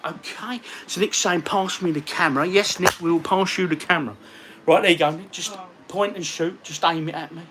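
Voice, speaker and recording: A man's voice: fairly high pitch, a little fast, pushed and bright. A man, chatting casually on a livestream from his home games room and reading out viewer comments in a matey way. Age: 40s. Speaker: retro gaming vlogger. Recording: distant mic with faint ambient noise.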